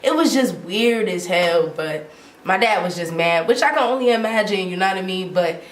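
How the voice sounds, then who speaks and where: A woman in her twenties telling a casual storytime, animated and slangy, with lots of filler "like". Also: lowish voice, normal speed. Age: 20s. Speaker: vlogger. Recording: roomy sound from off the mic.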